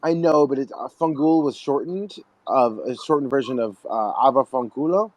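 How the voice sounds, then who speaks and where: A man chatting as a podcast guest, animated and laughing, swearing freely. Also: mid-range voice, normal speed. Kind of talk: casual podcast chat.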